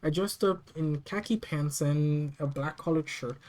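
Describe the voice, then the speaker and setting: A narrator reading a first-person horror story aloud, steady and plain, with small restarts. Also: medium pitch, measured pace, low-quality recording.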